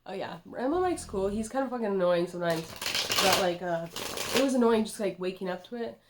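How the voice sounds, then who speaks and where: A woman's voice: mid-range voice, lively intonation, brisk, very noisy. Rambling, profane young woman tarot reader. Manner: rambling and profane, says "dude" a lot. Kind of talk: casual rambling tarot vlog.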